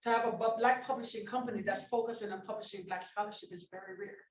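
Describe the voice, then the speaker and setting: A woman's voice: a little high, sing-song, quick pace. A woman speaking as a publisher on a panel, earnest and often adding "you know" and "right?". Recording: roomy, distant audio.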